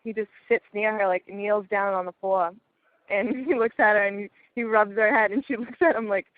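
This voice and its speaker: A woman's voice: medium pitch, fairly even intonation, moderate pace, no echo. A woman telling a story in casual chat, blunt and laughing often. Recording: tinny phone-like line.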